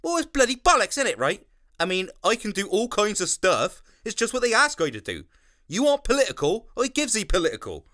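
A boorish male comedian swears freely and barks one-word punchlines. His voice is bright and bouncy, with rough, ungrammatical speech, played by a man. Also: high voice, wildly swooping pitch, a little fast, exaggerated voice. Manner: coarse dialect grammar, swearing, shouting punchlines.

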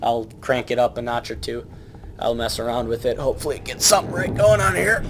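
A man's voice: mid-range voice, lively intonation, a little fast, noisy background. A young man giving a rambling, joking let's play commentary from home at night. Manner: rambling, joking, self-mocking. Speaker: gamer. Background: game music.

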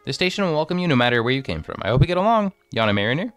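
A man voicing a stern, raspy woman who runs a mining station, reading her lines briskly. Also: medium pitch, sing-song, fairly bright tone, no room sound, pitched above the performer's own voice. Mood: brisk, businesslike.

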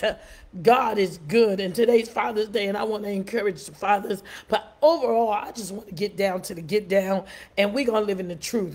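A woman's voice: a little high, darkish tone. A woman pastor, greeting viewers playfully at the start of a livestreamed sermon.

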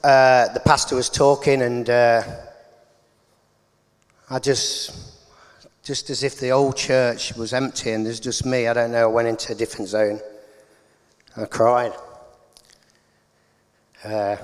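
A man's voice: mid-range voice, level tone, takes it slowly, long pauses. A man, giving a blunt, earnest personal testimony in an interview. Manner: blunt working-class storytelling, plain and earnest. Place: large church hall. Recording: long hall reverb.

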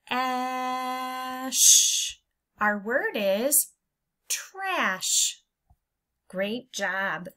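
A woman teaching young children to blend letter sounds, speaking in a slow, encouraging way and drawing the sounds out for them to repeat. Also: medium pitch, a bit bright. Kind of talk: phonics lesson for young children.

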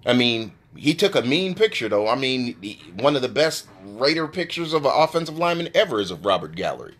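A brash, profane man ranting casually into a phone on a live stream. His pitch swings widely, leaping up high when he gets worked up. His trash talk is blunt and mocking. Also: sing-song, a little fast, a bit bright. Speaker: live-stream sports show host.

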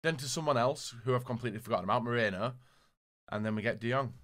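A man giving gaming commentary as he opens packs, excitable, dropping to low muttering and then bursting into shouts. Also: fast. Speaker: gaming YouTuber. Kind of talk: pack-opening gaming commentary.

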